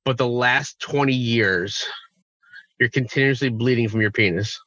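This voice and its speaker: A man's voice: mid-range voice, moderate pace, a bit bright, no room sound, lo-fi sound. A man co-hosting a podcast in a casual chat, cracking crude jokes. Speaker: podcast co-host.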